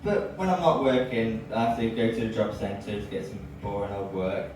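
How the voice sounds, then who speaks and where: An English man tells stand-up stories with a lively, swooping delivery. He is heard from a distance in a very echoey club, with noticeable background noise throughout. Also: lowish voice, moderate pace. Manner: lively storytelling, bursts into loud cries. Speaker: stand-up comedian. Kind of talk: stand-up set. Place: comedy club with audience. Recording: echoey room from far off, audible noise.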